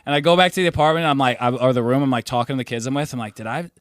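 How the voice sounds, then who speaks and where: A man's voice: mid-range voice, rapid-fire, no room sound, clean studio sound. A young man co-hosting a podcast, telling rambling stories in casual chat and swearing freely. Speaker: podcast co-host.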